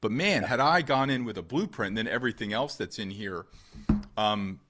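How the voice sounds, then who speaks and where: A man's voice: lowish voice, normal speed, over music. A man hosting a podcast in casual chat, rambling with many restarts and sports comparisons. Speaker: podcast host.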